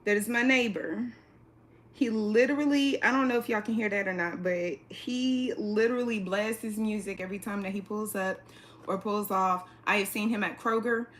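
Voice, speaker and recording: A woman hosting a casual livestream from her apartment, talking straight into a phone or webcam, blunt and profane, laughing quickly and reading the chat aloud. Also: mid-range voice, fairly even intonation. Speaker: livestream host. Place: indoors at home, an apartment.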